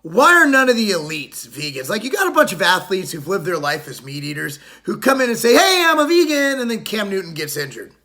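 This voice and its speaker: Brash middle-aged fitness vlogger mid-rant: high, sharp, lively, profane and mocking. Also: male voice, a little fast, few pauses.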